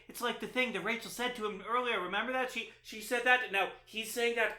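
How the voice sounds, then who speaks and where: A man's voice: very high-pitched, fairly even intonation, fairly quick, bright, forceful tone, roomy sound. A man narrating a sarcastic video essay, exasperated and mocking as he picks apart a film.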